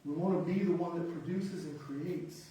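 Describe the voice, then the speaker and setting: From the back of an echoey hall comes a pastor's sermon, delivered in a mellow voice on the high side at a moderate pace. He stays emphatic and conversational, with self-deprecating humor and crisp one-word lists.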